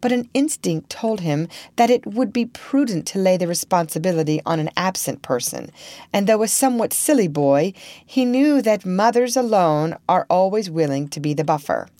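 A woman reading a storybook aloud in a slow, expressive manner as narrator. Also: on the low side, no room sound.

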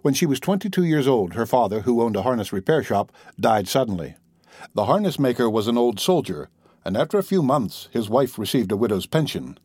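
A man reads a classic novel aloud as an audiobook narrator. His delivery is steady and measured, in a middle-pitched voice. The recording is dry and close, with no room sound. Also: husky, dry recording. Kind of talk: scripted narration.

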